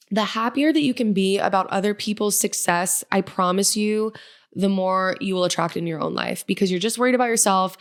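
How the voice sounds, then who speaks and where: A woman's voice: mid-range voice, fairly quick. A young woman hosting her solo podcast, talking casually and earnestly, gushing and upbeat as she encourages her listeners. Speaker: podcast host, independent musician. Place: Nashville.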